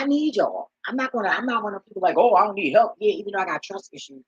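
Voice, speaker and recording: A live-stream host reacting to a clip in blunt, animated, profane casual talk, often laughing. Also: mid-range voice, slightly rough, dry recording, lo-fi sound.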